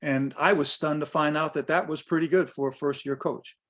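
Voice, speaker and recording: Older American male coach in his 60s, slightly high voice, direct and emphatic, repeats his points. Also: fairly even intonation, brisk, fairly bright tone. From United States. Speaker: business coach presenting a workshop. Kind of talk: workshop talk on pricing.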